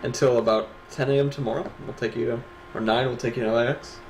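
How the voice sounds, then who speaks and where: A man's voice: mid-range voice, steady tone, fast, a little hiss or hum, low-quality recording. Laughing, joking young man co-hosting. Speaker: co-host of an awards stream. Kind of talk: casual stream chat. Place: home room, at a desk.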